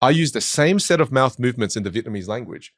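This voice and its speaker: A man with an Australian accent, a speech coach talking in a podcast interview with quick, emphatic storytelling. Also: mid-range voice, expressive, dry recording, studio quality.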